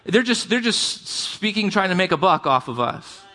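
A male pastor with a high, bright, ringing voice preaches a sermon. He keeps it conversational and checks in with his congregation as he goes. The sound carries the long reverb of a large hall. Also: sing-song, moderate pace.

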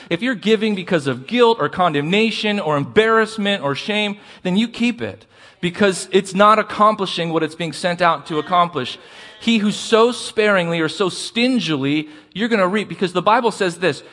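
High-pitched preacher guy giving a sermon, slows down on the big points. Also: lively intonation, a bit bright. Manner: preaching with call-and-response questions to the congregation. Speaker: pastor.

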